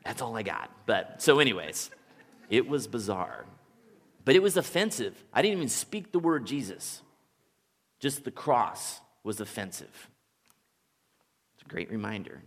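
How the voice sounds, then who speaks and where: Low-voiced preacher in a reverberant sanctuary. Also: male voice, sing-song, measured pace, long pauses, fairly bright tone. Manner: conversational storytelling preacher, chuckles as he speaks. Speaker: pastor. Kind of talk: sermon. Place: church sanctuary.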